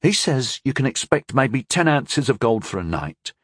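A man voicing a male interpreter who relays a message in a measured, matter-of-fact way. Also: medium pitch, big pitch swings, a bit bright, husky, no room sound, studio quality.

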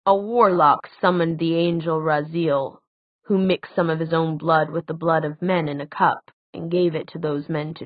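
A woman reading the part of an older male tutor, speaking quietly, slowly and deliberately, grave and measured. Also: sits low, no echo. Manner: quiet, slow, deliberate speech. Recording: dry, tinny phone-like sound.

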